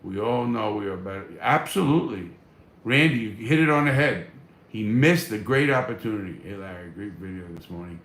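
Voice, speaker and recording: A man's voice: fairly low pitch, expressive, fairly quick, a bit bright, echoey room. A man hosting a casual live stream, reading viewer comments and answering in a blunt, profane, fired-up way.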